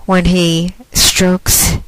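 A woman hosting her own podcast, talking through a casual monologue in a slow, drawn-out way. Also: on the low side, completely flat delivery, dry recording, rough recording. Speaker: podcast host.

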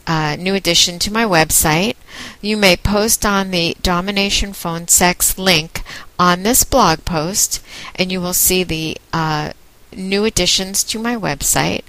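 Slow, commanding woman. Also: medium pitch, a bit bright, dry recording, poor audio. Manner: teasing, commanding, unhurried. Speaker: phone domination host. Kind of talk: slow recorded monologue.

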